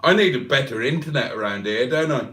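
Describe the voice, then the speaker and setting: A man's voice: medium pitch, animated, fairly quick, fairly bright tone, roomy sound. An older man hosting a livestream, reading out viewers' comments with jokey, self-deprecating banter. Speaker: livestream host. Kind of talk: casual live chat, reading out comments.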